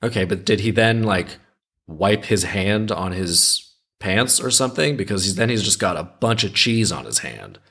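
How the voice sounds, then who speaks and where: A man's voice: on the low side, expressive, moderate pace, pushed and bright, breathy edge. A man hosting a storytelling show, reading a folk tale aloud and breaking off for wry, skeptical, rambling asides. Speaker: podcast host reading folk tales. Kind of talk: storytelling with casual commentary.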